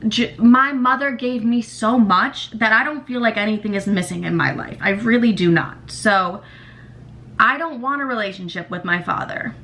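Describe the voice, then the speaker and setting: In her frank podcast monologue, the young host pours out raw feelings about her family, cursing without restraint. She speaks at a normal speed in a fairly bright voice that sits on the high side.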